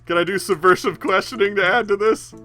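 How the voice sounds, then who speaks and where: Bright-voiced man playing a tabletop game. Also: high voice, fairly quick, soft background music. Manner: casual, laughs often. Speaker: player.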